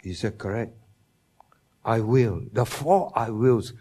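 This preacher's voice is medium-pitched, warm, and husky as he delivers a Bible lesson. Speaking slowly and deliberately, he stresses every promise he quotes and quizzes the people listening.

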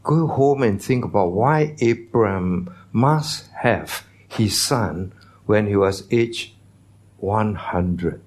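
Low-pitched male pastor, conversational teaching sermon, church. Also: darkish tone, breathy edge. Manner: conversational teaching, asks the congregation questions.

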